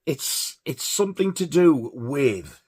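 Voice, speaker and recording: A man's voice: fairly high pitch, big pitch swings, slow, a little mellow, breathy edge. A man giving a casual, rambling film review, hesitant with many fillers. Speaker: film collector reviewing horror films.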